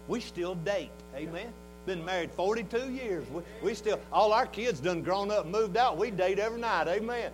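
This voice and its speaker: A man in his sixties with a Southern US accent, preaching a fervent revival sermon in a folksy way that swings from hushed talk to shouting. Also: high-pitched, expressive, normal speed, music in the background, rough recording. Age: 60s.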